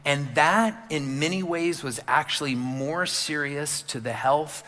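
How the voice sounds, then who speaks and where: Bright-voiced male pastor in a reverberant church. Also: fairly high pitch, unhurried, slight background noise. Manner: candid conversational storytelling with frequent fillers. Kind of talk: sermon. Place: church sanctuary. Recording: long church hall reverb.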